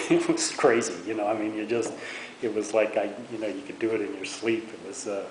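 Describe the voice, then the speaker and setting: A man's voice: on the low side, fairly even intonation, a little fast. A man in his sixties, a veteran, recounting memories in an oral history interview, often stumbling and repeating words. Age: 60s. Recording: echoey room with faint hiss.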